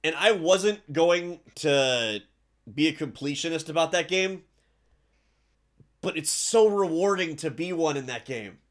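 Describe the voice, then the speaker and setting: A man co-hosting a gaming stream, chatting in a relaxed way and swearing casually. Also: a little high, a little slow. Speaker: stream co-host.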